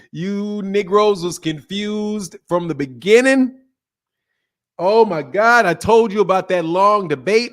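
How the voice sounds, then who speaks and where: Brash, high-voiced trash-talking man. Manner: brash, trash-talking, laughs often, swings from loud to low. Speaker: boxing channel host. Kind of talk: live stream commentary with viewer chat.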